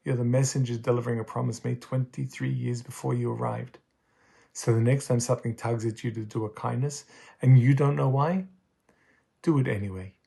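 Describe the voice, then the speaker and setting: A man's voice: medium pitch, steady tone, fairly quick, vocal fry, mellow, breathy edge. A man narrating a story in an earnest, reflective, intimate way.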